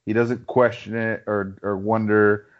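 A man's voice: lowish voice, flat delivery, a little slow. A man in a casual podcast chat, thoughtful and hedging as he explains his view at length. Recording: dull lo-fi sound.

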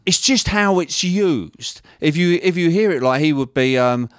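A man's voice: fairly high pitch, animated, a little slow, dry recording. Man telling a rambling story, dry sound. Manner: rambling, full of restarts, laughs through the story. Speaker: guest, actor and stand-up comedian. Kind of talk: casual chat, telling a story.

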